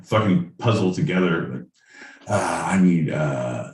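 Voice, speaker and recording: He's a comedy podcast co-host whose low, expressive voice comes across unhurried and a little mellow, swearing freely through loose banter and mock stand-up riffs. Sound is echoey and off-mic, far from the microphone, with faint noise behind it.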